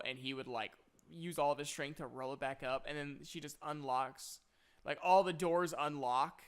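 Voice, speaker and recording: A man's voice: on the high side, bright, forceful tone, smooth. A young man in a casual spoiler review of a movie, retelling the plot in a rambling way with many filler words.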